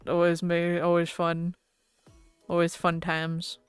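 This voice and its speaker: Female streamer, relaxed slow chatter, laughs a lot, casual cursing. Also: on the low side, clean tone, no echo, soft background music. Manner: giggly, chatty, swears casually. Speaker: VTuber streamer. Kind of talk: casual stream chat with viewers.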